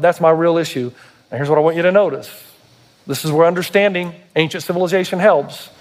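A male pastor preaches with fervor, pressing his congregation with question after question. His voice sits notably high for a man. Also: quick pace. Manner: impassioned, rhetorical questions to the congregation. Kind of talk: sermon.

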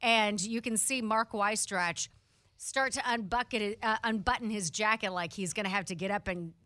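Female co-host, relaxed storyteller, bright voice, dry studio sound. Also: mid-range voice, normal speed, no room sound. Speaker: podcast co-host. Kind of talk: casual chat.

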